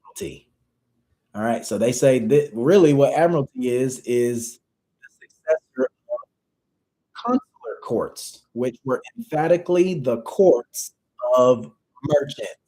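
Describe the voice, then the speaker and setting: A man's voice: mid-range voice, expressive, moderate pace, warm tone, poor audio. A man teaching a livestream class in a loose, conversational way, reading definitions aloud and repeating phrases for emphasis. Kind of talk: casual lecture reading from dictionaries.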